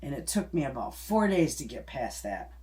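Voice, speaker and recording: A woman's voice: a bass voice, big pitch swings, moderate pace, a little mellow. A middle-aged woman hosting a homestead channel, chatting casually and telling a story in a folksy, rambling way with restarts and little chuckles.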